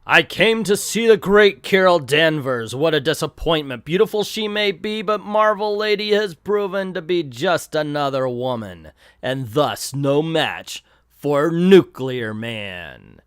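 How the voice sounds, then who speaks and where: A man's voice: on the high side, animated, a little slow, fairly bright tone, clean tone, no room sound, clean studio sound. A man voicing an arrogant male supervillain with a pompous, gloating manner, in a comic read-aloud.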